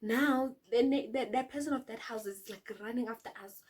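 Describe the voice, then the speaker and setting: A young South African woman telling a dramatic personal story for her vlog, lively and dropping to whispers at the tense parts. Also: a little high, a little fast. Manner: animated, dramatic, drops to whispers for suspense. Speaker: YouTuber.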